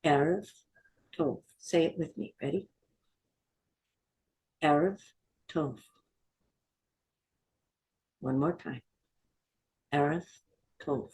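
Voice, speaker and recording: A middle-aged woman leads a Hebrew vocabulary lesson, repeating each word with patient call-and-repeat drills. Her voice sits low and mellow, and she speaks slowly and deliberately for learners to follow. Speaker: Hebrew teacher.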